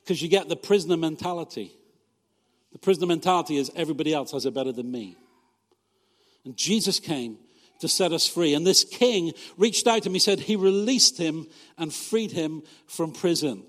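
A man's voice: fairly high pitch, moderate pace, a bit bright, long reverb tail. A man, a pastor, preaching a sermon in a conversational, humorous way, often asking his listeners rhetorical questions.

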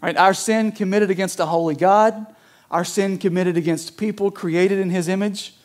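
A man's voice: sits high, steady tone, normal speed. A man preaching a sermon in a conversational way, often checking in with "right?" as he explains a parable. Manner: conversational, frequent "right?" asides. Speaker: pastor.

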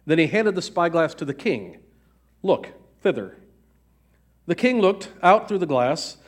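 A man narrating a fairy tale aloud in an even storytelling cadence. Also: on the high side.

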